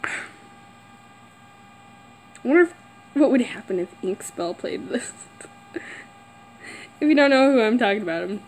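A woman's voice: on the high side, lively intonation, a little slow, long pauses, a little mellow, a little hiss or hum, poor audio. A woman playing a horror game and talking to herself, jumpy and nervous, squealing and giggling. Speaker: gamer. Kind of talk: horror game let's play commentary. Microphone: camera mic.

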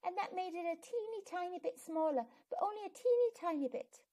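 A timid, sweet little schoolgirl in a storybook, as a woman puts her on. Her voice is small and very high, with hesitant little pauses and lifts. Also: animated, warm tone.

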